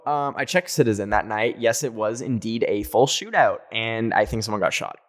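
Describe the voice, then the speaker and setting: A young man hosting a podcast, telling personal stories in a chatty, animated way, with lots of "like" and frequent laughs. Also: fairly low pitch, normal speed, few pauses. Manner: animated, heavy use of "like", laughs often. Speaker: podcast host. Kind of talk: casual storytelling monologue.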